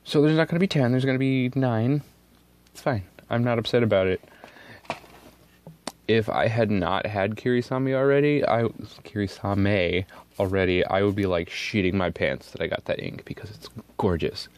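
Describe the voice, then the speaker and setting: A man hosting an ink swatching video, talking casually and excitably at his desk, swearing freely and switching between loud outbursts and muttered asides. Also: lowish voice, normal speed, slight background noise. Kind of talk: casual narration while swatching inks. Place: at a desk indoors.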